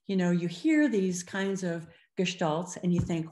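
An older woman gives a webinar lecture on child language, with a voice pitched a little low for a woman. She talks expressively and acts out the phrases she quotes in other voices. The sound carries a roomy echo. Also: a little slow, hardly any pauses. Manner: expressive, slips into voices when quoting children and parents. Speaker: speech-language clinician presenting.

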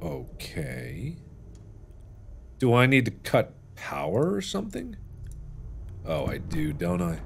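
Theatrical man playing a game out loud. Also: wildly swooping pitch, takes it slowly, creaky, long pauses, husky. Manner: theatrical, jumps between loud shouts and low muttering. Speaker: gaming video host. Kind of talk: let's play commentary.

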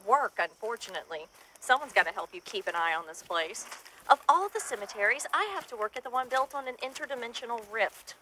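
A woman with a fairly high voice that moves lively up and down, delivering terse, no-nonsense lines as a night-shift investigator. A faint hiss runs behind her in this horror-comedy short. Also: brisk. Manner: dry, no-nonsense. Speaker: cemetery night-shift worker turned investigator.

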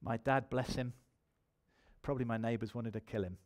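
A man's voice: medium pitch, steady tone, moderate pace, darkish tone. A man preaching a sermon in church, telling his own testimony and building to emphatic appeals.

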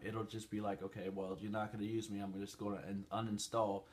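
Chatty man reviewing phone settings. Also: medium pitch. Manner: chatty, rambling with fillers. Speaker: channel host. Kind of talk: casual tech review.

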